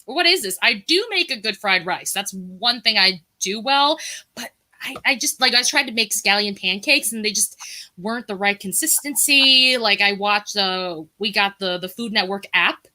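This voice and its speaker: A woman's voice: medium pitch, normal speed, sharp tone. A woman from Brooklyn, a guest on a live-streamed talk show, chatting in a rambling way with lots of filler words over a video call. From Brooklyn, New York.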